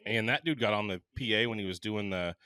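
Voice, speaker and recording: Bright-voiced man chatting on a podcast. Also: fairly low pitch, quick pace, clear, resonant tone, dry recording. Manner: enthusiastic, chatty, laughs easily. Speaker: podcast co-host. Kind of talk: casual chat.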